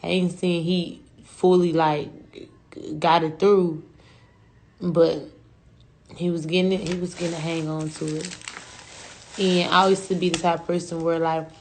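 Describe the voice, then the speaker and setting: A young woman talks on a livestream in a slightly low voice. She rambles through her story, swears often and uses a lot of slang. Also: little pitch movement, a little slow, pauses often, a little mellow, a little hiss or hum. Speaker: rapper.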